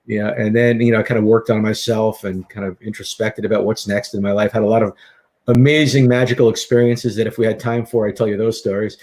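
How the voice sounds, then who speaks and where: A middle-aged man, a guest author and hypnotist, telling his story in a lively, animated way in a casual interview. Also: lowish voice, quick pace. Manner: lively, animated storyteller who acts out quotes.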